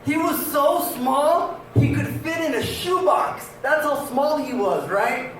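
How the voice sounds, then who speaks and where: High-voiced man doing stand-up in an echoey hall. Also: slow. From Mexican-American family. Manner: loud storytelling, acts out voices, stutters for effect. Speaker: stand-up comedian. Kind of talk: stand-up comedy set. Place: prison event hall, live audience. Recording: echoey far-off hall recording with noise.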